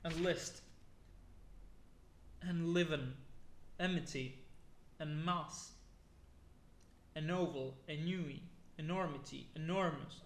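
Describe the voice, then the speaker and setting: A man's voice: fairly high pitch, a bit bright. Man reading a word list in an echoey room. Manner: plodding word-by-word reading with restarts and weary asides. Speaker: YouTuber.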